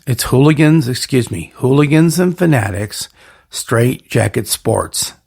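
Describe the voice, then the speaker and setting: Gravelly-voiced man hosting a solo podcast. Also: mid-range voice, a little mellow. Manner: rambling, hype-filled catchphrase lists. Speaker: podcast host.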